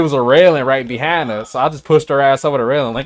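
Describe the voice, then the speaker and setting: A man's voice: mid-range voice, fast talker. Blunt, profane male livestreamer. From Chicago. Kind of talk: casual livestream chat.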